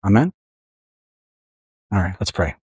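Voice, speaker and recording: A man's voice: sits low, sing-song, a little mellow, slightly rough, dry recording. Earnest male pastor, dry close sound. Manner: earnest, reflective preaching with pauses. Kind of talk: sermon. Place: church room with a congregation.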